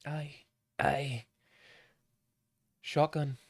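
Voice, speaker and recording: A man's voice: on the high side, flat delivery, extremely slow, creaky, no echo. Young man streaming a game, dry sound. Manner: joking, swears, chats with viewers. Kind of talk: live game playthrough, reading aloud.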